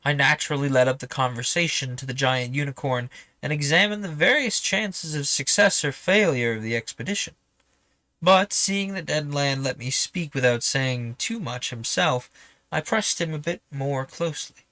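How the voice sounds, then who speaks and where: A man reading a classic novel aloud in a lively, expressive way, as a regular streaming reader. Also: a little high, normal speed, no echo. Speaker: audiobook reader.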